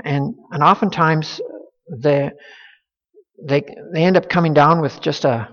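A man's voice: fairly high pitch, measured pace, long pauses. A man preaching a sermon in an earnest way, often repeating words and restarting his sentences. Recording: echoey, slightly dull hall recording.

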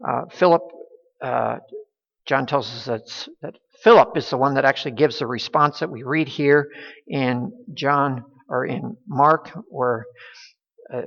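A man preaching a sermon as pastor, halting, with many restarts and fillers. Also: mid-range voice, creaky, a bit bright. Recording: dull sound with long hall reverb.

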